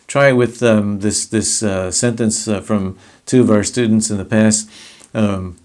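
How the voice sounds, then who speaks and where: A man's voice: on the low side, fairly even intonation, unhurried, darkish tone. A middle-aged man teaching public speaking in a recorded video lesson, explaining and demonstrating ways of delivering a speech.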